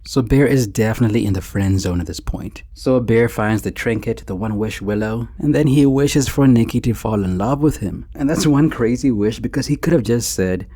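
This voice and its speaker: A man's voice: medium pitch, normal speed, hardly any pauses, dark tone. A man giving a comedic movie commentary and acting out characters' lines. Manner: joking, acts out characters' lines.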